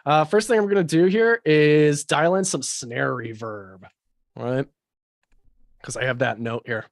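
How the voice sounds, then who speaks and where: A man's voice: a little high, unhurried, creaky, dry recording. Man demoing a live mix on a video call, dry close sound, casual and rambly. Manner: casual, thinking aloud with many fillers. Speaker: mixing engineer teaching a livestream. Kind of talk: live mixing tutorial.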